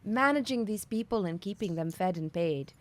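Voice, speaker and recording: A woman's voice: medium pitch, normal speed, natural voice. Woman playing a gushing young half-elf sailor. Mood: relieved, gushing. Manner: excited, gushing.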